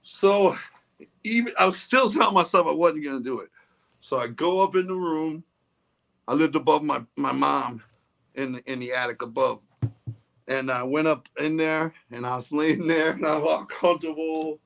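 A man from the Detroit area, a guest in an interview, telling a story in an excitable, rambling way, full of restarts and asides. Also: a little high, normal speed, gravelly, lo-fi sound. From Detroit area, United States.

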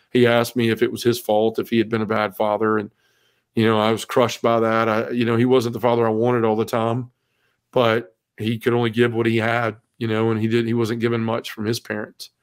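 A middle-aged man tells a deeply personal story as a podcast guest. His delivery is heartfelt and conversational, dotted with "you know" asides. His pitch stays fairly even and level throughout.

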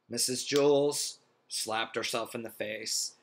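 A man reading a children's storybook aloud in a friendly, expressive, animated way. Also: medium pitch, moderate pace. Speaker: reader.

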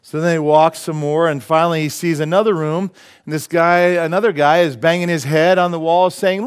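A male pastor preaches a sermon in a church, with a voice a little higher than most men's. He keeps things loose and cracks jokes, laughing at them before he lands the punchline. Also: steady tone, brisk, clean tone. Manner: joking, laughs at his own jokes. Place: church sanctuary.

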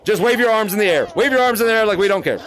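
Male gaming host, high and bright tone, faint hiss behind, constant excited chatter. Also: very fast. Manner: excitable, calls out names, laughs often. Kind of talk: live-streamed VR game chat.

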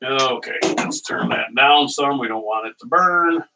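With a gravelly, medium-pitched voice and an unhurried pace, a middle-aged man hosts a cooking show at home in his kitchen. He's a rambling storyteller who laughs often and chats casually while cooking. He's heard from a distance over a noisy background.

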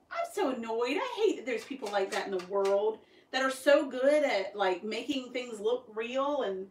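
A woman, chatting casually on a live stream from her embroidery workroom and answering viewer comments, often calling herself dumb. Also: on the high side. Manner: chatty, self-deprecating, reads out viewer comments. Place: home craft workroom with a sewing machine running. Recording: roomy echo, distant mic, faint noise.

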